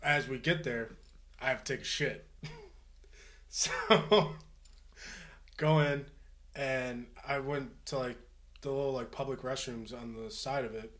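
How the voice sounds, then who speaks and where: Bright-voiced man telling a crude story. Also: medium pitch, steady tone, measured pace, long pauses. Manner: profane, laughing anecdote teller. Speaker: podcast co-host. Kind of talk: casual storytelling chat.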